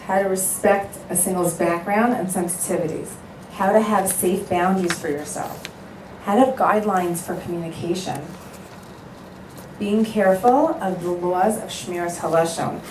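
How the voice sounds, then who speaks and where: A woman's voice: on the low side, moderate pace. Earnest woman speaking in a roomy hall. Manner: earnest, animated storytelling, acting out both sides of phone calls. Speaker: matchmaker giving a talk. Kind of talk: speech to an audience. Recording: echoey room, voice a bit far from the mic, faint background noise.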